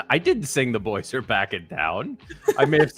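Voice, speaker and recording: A man's voice: medium pitch, wildly swooping pitch, measured pace, music in the background. A man co-hosting a live trading show, chatting in a teasing, laid-back way with some swearing. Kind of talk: casual chat.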